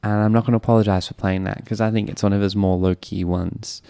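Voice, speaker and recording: Man, Australian accent, radio DJ, rambling, enthusiastic, lowish voice, dry close studio mic. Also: flat delivery, quick pace, creaky, warm tone, no room sound. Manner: chatty, rambling, enthusiastic asides. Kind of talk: casual radio chat between songs. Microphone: studio microphone.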